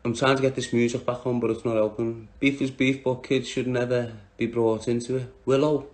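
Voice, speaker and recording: This Liverpool man speaks in a Scouse accent, his medium-pitched voice level and darkish in tone and a little fast. He's livestreaming and taking on viewers by name in a blunt, combative way.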